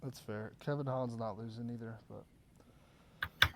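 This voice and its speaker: A man's voice: medium pitch, fairly even intonation, measured pace, gravelly, sharp tone, no echo. A man hosting a call-in betting show, chatting casually and joking with callers in slang. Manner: laid-back, joking, slangy. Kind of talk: casual chat.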